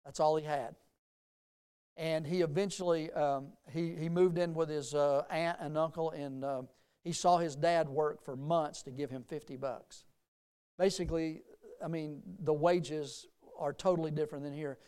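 A middle-aged male pastor preaching a sermon, telling folksy personal stories and rising to emphatic, lively preaching. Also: on the high side, normal speed, smooth.

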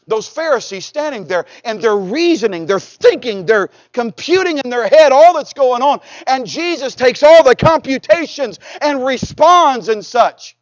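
A man's voice: extremely high pitch, no echo, highs cut off. A man preaching a sermon in a folksy, conversational way, with humorous asides, who reads scripture aloud in old-fashioned wording. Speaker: pastor.

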